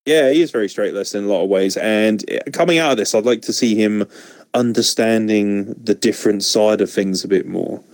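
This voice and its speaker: A man co-hosting a podcast in casual chat, animated and opinionated, with frequent swearing. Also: fairly low pitch, brisk, no echo. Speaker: podcast co-host.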